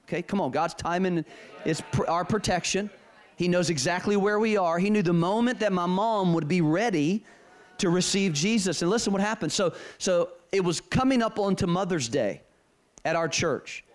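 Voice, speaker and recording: A man's voice: sits high, normal speed. A middle-aged man preaching a sermon, telling personal stories with emphasis and repeating key phrases.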